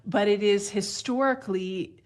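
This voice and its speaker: A woman's voice: mid-range voice, normal speed, a little mellow. Woman explaining language on radio. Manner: explanatory, laughs lightly while talking. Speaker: language expert guest.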